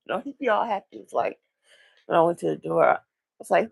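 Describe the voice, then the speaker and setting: A woman with a heavily gravelly, fry-laden voice talks her way through a confessional vlog. Her speech is husky and halting, full of restarts, and she sounds low and vulnerable. The sound is dry and close. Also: lively intonation, dry recording. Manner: rambling, halting, with repeated restarts. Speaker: vlogger. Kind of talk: casual confessional monologue.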